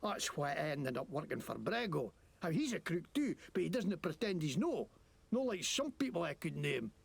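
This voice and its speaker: An actor playing a crude, noseless male wasteland crook in a video game, with a gravelly voice and a bad fake Scottish accent. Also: a little high, sing-song, normal speed, full character voice. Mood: ranting. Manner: crude, ranting, self-pitying.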